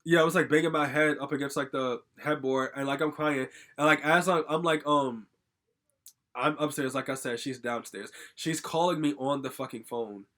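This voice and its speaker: A man's voice: on the high side, fairly even intonation, normal speed, fairly bright tone. A young man telling a personal story in a casual, rambling vlog monologue, full of "like" fillers and swearing, agitated and venting. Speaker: storytime vlogger.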